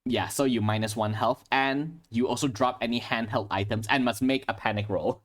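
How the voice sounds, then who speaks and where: Steady game master explaining rules. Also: male voice, medium pitch, moderate pace. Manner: steady, explains rules, restarts mid-phrase. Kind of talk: narrating a tabletop game.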